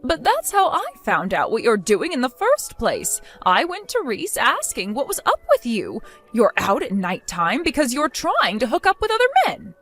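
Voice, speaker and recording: A woman's voice: a little high, wildly swooping pitch, normal speed, few pauses, fairly bright tone, soft background music, exaggerated voice. A woman voicing a stern, scornful older mother-in-law who scolds and accuses. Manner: cold, scolding, contemptuous. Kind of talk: text-story voice acting.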